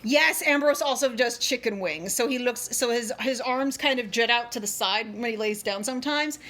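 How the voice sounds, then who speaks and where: A woman's voice: on the high side, normal speed, a bit bright, echoey room, low-quality recording. A woman chatting casually while she cooks in her home kitchen, swearing and laughing about her pets. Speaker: cooking streamer. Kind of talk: casual chat while cooking.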